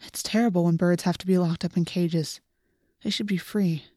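A woman's voice: lowish voice, fairly even intonation, moderate pace, warm tone, no echo, clean studio sound, close to an everyday voice. A woman voicing an earnest teenage boy who talks eagerly about flying, read as part of an audiobook. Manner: enthusiastic, earnest. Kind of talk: audiobook reading.

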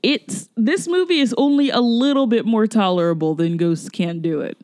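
A woman's voice: fairly high pitch, moderate pace, darkish tone, no echo, clean studio sound. A woman co-hosting a podcast, chatting casually about movies in a rambling, exasperated way with lots of fillers. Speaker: podcast co-host. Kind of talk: casual movie review chat.

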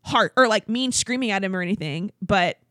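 A young woman hosting a podcast in casual chat, animated and laughing often. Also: medium pitch, a little fast, dry recording, clean studio sound. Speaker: podcast host.

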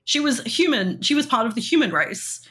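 A woman's voice: a little high, very animated, a little fast, fairly bright tone. A woman co-hosting a podcast, chatting casually with lots of giggles and fillers. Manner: giggly, rambling with many fillers. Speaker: podcast co-host. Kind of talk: casual chat.

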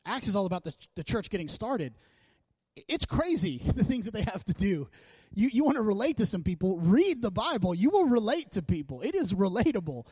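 A man's voice: high-pitched, brisk, slightly rough, no echo. A male pastor preaching a sermon in a casual, joking, fervent way, urging his congregation on. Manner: casual, joking and energetic, with frequent laughs.

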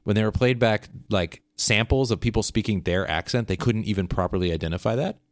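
Canadian guy w a really deep voice explaining stuff on a podcast, kinda eager, lots of restarts, dead dry mic. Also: a little fast, dry recording. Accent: Canadian English. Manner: explanatory, enthusiastic, frequent restarts. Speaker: podcast co-host. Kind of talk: casual chat about accents.

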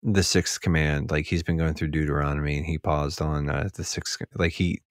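A man's voice: rumbling low, level tone, moderate pace, no echo, studio quality. A man talking on a casual podcast, rambling with lots of filler words and getting heated as he goes. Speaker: podcast speaker.

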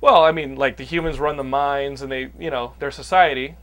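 A man's voice: medium pitch, fairly even intonation, fairly quick, a bit bright. A man hosting a podcast, recapping a movie plot in casual chat with many restarts. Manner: rambling, restarts a lot. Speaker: podcast host.

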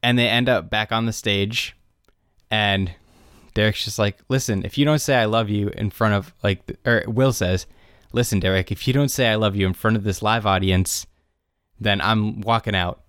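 Young guy on a podcast retelling an episode, bit low voice, acts out the lines. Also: moderate pace, clean tone, dry recording, studio quality. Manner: animated retelling, quotes characters in raised voices. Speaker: podcast co-host recapping a show. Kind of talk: casual chat.

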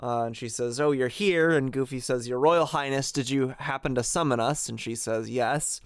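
A man's voice: mid-range voice, steady tone, moderate pace, no room sound, studio quality. A man co-hosting a podcast, casually recapping a video game's story and reading out characters' lines with comic asides. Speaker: podcast co-host.

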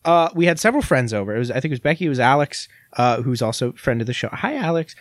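A man's voice: mid-range voice, expressive, very fast, no echo, studio quality. A young man co-hosting a podcast in casual chat, rambling and self-deprecating. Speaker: podcast co-host.

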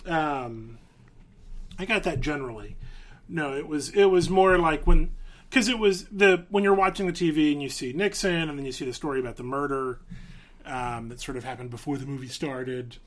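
A man co-hosting a podcast from a living room, talking over a film in a casual, animated way and laughing often. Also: fairly high pitch, normal speed. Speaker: podcast co-host. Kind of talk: casual movie discussion.

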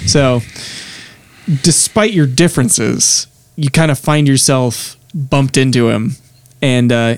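A man narrating as game master of a tabletop game, relaxed and halting with many fillers. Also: mid-range voice, clean tone, no echo.

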